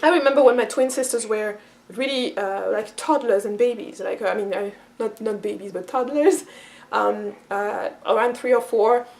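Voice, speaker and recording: A woman giving a casual explanatory talk as a cultural teacher. She thinks aloud, often repeats and restarts her phrases, and acts out quoted voices with lively shifts. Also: mid-range voice, moderate pace, vocal fry.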